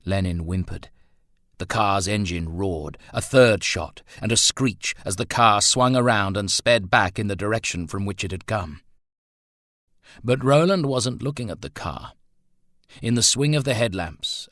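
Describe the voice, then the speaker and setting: Low-voiced man narrating a thriller. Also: a bit bright, no echo, studio quality. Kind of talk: audiobook narration.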